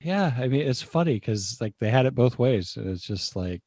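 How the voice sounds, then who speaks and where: Male co-host, easygoing chat, reads quotes aloud, average pitch, dry studio mic. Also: normal speed, dry recording. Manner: relaxed, reads out article quotes. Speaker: podcast co-host. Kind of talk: casual chat.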